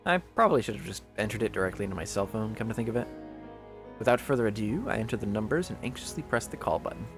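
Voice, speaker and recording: A man reading a visual novel aloud as its narrator, expressive and chatty, breaking off into jokey asides. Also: fairly low pitch, quick pace, over music. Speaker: visual novel reader, channel host.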